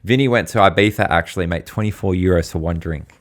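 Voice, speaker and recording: A man's voice: low-pitched, fast. An Australian man co-hosting a podcast, telling rambling stories in casual slang, full of fillers. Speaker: podcast co-host.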